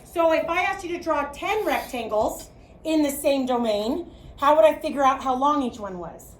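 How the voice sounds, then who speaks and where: This is a classroom math lecture from a woman with a Chicago accent who projects her voice and keeps asking "okay?". She has a high voice with lively intonation and a moderate pace. Recorded from a distance in an echoey classroom, the audio carries a little hiss or hum.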